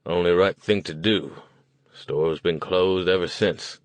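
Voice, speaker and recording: A man voicing a gruff, suspicious older motel keeper who talks in a blunt, folksy rural way. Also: deep voice, slow, no echo. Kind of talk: audiobook character voice.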